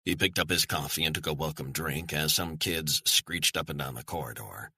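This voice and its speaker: A man narrating a thriller audiobook in a measured, steady storytelling manner, on a close studio mic. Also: rumbling low, slightly rough, no echo.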